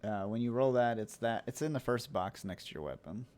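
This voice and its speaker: A man narrating and explaining rules as game master of a tabletop game, in a relaxed, patient way. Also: medium pitch, a little fast, slight background noise.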